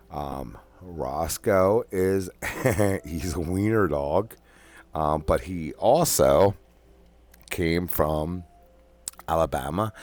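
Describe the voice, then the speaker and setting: Deep-voiced man, slow and rambling, easygoing monologue, with the hiccups. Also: darkish tone. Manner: rambling with many ums and restarts. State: has the hiccups. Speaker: podcast host. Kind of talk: casual personal monologue.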